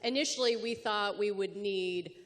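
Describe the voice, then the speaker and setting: A woman's voice: medium pitch, moderate pace, in a large hall. A woman telling a rambling story on a panel, full of ums and restarts. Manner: rambling, hesitant, many ums. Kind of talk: panel discussion.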